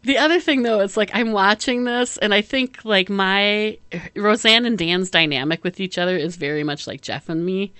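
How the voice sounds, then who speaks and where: A woman's voice: mid-range voice, moderate pace, sharp tone, smooth, no echo. A woman chatting casually as a podcast co-host, rambling with lots of fillers and frequent laughs. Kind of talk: casual chat.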